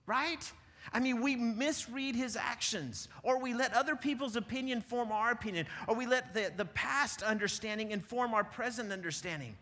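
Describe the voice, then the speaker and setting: A man's voice: high-pitched, bright, forceful tone. A man preaching a sermon as pastor, talking conversationally and often repeating his words as he starts a sentence. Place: church sanctuary. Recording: long church reverb.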